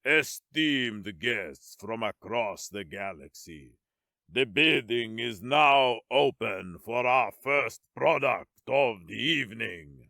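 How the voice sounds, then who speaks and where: A man voicing a smooth, cruel alien auctioneer. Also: mid-range voice, slow pace, no room sound, studio quality, pitched below the performer's own voice, heavily acted. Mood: calm, commanding. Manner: calm, theatrical, commanding.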